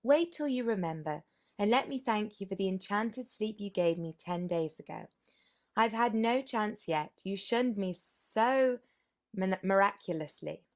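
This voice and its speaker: A woman voicing an earnest, impatient young gentleman who presses his questions insistently. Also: mid-range voice, animated, measured pace.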